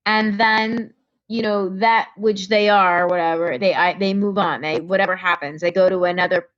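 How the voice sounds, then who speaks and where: A woman's voice: mid-range voice, fairly even intonation, moderate pace, a bit bright, highs cut off. A woman from Connecticut, a comedian guest, telling a story in casual talk and acting out the voices of the people in it.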